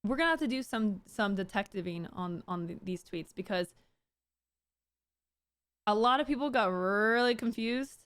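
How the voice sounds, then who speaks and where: A woman's voice: mid-range voice, lively intonation, normal speed, long pauses, a bit bright, no echo. A woman streaming casual commentary, chatting straight to her viewers and stumbling and restarting words as she goes.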